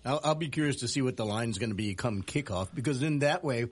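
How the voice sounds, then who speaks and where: A man co-hosting a sports radio show, talking in a relaxed and wry way. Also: mid-range voice, fast talker, a little hiss or hum. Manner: relaxed, wry, self-mocking. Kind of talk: casual studio banter.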